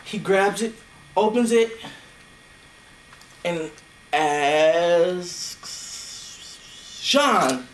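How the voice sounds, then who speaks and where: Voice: mid-range voice, expressive, extremely slow, long pauses. A speaker improvising a playful story at a club meeting, recorded in an echoey room. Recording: echoey room, faint noise.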